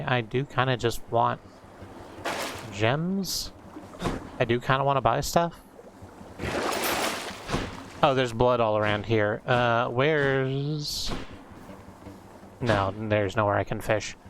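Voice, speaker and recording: A man's voice: mid-range voice, noisy background. A man streaming a game and chatting casually, thinking aloud with a wry manner. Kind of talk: casual gameplay commentary. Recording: game music behind.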